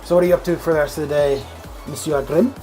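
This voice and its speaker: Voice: mid-range voice, fairly even intonation, racing, mellow, poor audio. A game streamer chatting casually with viewers in a live stream, rambling with lots of restarts and fillers, over faint background music.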